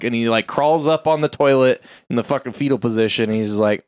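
Guy on a podcast telling a movie story, smooth clear voice, dry close sound. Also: medium pitch, fairly quick, few pauses, dry recording. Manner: animated storyteller acting out characters' lines. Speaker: podcast co-host. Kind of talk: casual movie recap.

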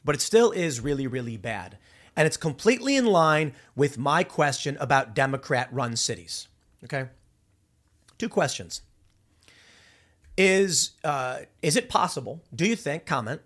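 A man from Chicago hosting a political commentary show, talking off the cuff in an animated, rambling way full of restarts and repeated words. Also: fairly high pitch, normal speed. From Chicago, USA. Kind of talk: unscripted political monologue.

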